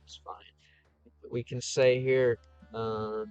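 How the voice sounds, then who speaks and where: A man's voice: medium pitch, brisk, muffled recording, soft background music. A man casually chatting on a livestream as he answers viewer comments, thinking aloud with frequent restarts. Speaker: streamer answering live chat.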